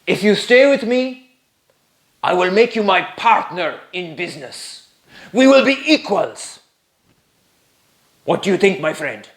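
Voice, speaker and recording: A man's voice: high-pitched, big pitch swings, a little slow, pauses often, voice pushed up, full character voice. A man doing a coaxing old merchant. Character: fond, well-off male merchant, master of the house.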